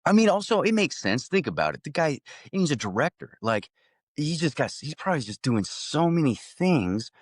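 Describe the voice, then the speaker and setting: A man's voice: on the high side, very animated, moderate pace, no room sound, studio quality. A young adult man, an actor guest, telling a story casually and animatedly, laughing often and restarting sentences.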